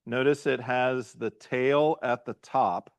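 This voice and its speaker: A man's voice: medium pitch, steady tone, slow, smooth, no room sound. A pastor teaching a beginners' language class, quizzing his students and checking in with "right?" and "okay?" as he goes. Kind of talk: classroom lesson.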